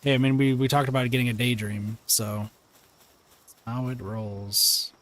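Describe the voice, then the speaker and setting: This man's live gameplay commentary comes from a room at home, where he jokes around, responds to chat messages, and reacts to the action. He speaks at a moderate pace in a medium pitch, with a level, slightly bright tone.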